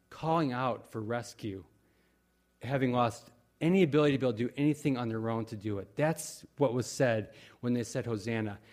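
A man preaching a sermon in a conversational, earnest way, often pausing with fillers and restarting his sentences. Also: mid-range voice, darkish tone. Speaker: pastor.

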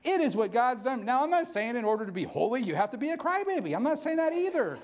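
Animated high-voiced man preaching. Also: fast talker. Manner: animated, candid and self-mocking, laughing often. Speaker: pastor. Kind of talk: sermon.

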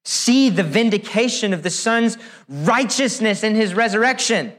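A man with a strikingly high voice delivers a sermon. He speaks with emphatic, deliberate weight and builds his points through rhetorical questions. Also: fairly bright tone. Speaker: preacher.

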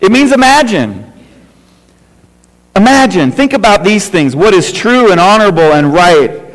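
A man's voice: sits high, very animated, unhurried. A middle-aged man, a pastor, preaching a conversational sermon with lots of repetition and rhetorical questions. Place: church sanctuary. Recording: reverberant church hall.

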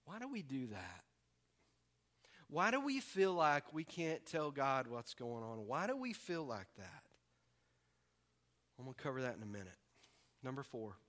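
A man from the preaching a sermon, animated and acting out voices with humor. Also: medium pitch, unhurried, pauses often. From American South. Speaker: pastor.

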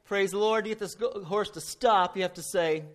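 A man's voice: high voice, normal speed, lightly acted. A man voicing a retiring old circuit-riding preacher in a joke told from the pulpit, matter-of-factly explaining how to handle a horse.

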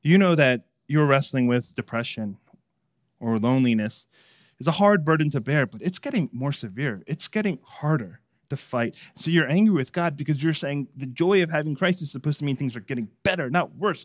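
A man preaching a sermon, swinging between hushed and emphatic delivery. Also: on the high side, expressive, normal speed, no echo, clean studio sound. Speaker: pastor.

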